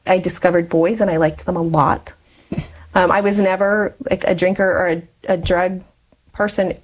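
A woman's voice: lowish voice, steady tone, moderate pace, low-quality recording. Chatty woman in her forties telling a personal story. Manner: chatty, laughs often between phrases. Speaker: interview guest.

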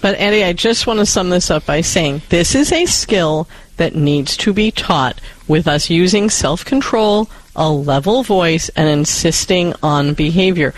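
Male co-host, high voice, calm and measured, advice radio. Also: no room sound, low-quality recording. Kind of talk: call-in advice talk.

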